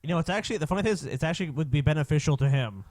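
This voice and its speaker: A man's voice: on the high side, lively intonation, racing, a little mellow, no echo. A man co-hosting a podcast, explaining points in a casual, wry way. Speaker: podcast co-host.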